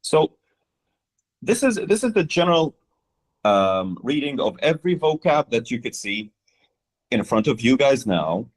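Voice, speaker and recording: A man co-hosting an English lesson in a live online session, lively and casual, asking the audience questions. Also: medium pitch. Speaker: English teacher.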